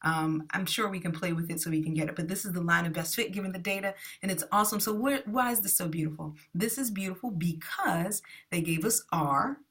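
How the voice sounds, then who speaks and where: A woman's voice: on the low side, a bit bright. A woman teaching math in a screencast lesson, chatty and enthusiastic, often correcting herself as she goes.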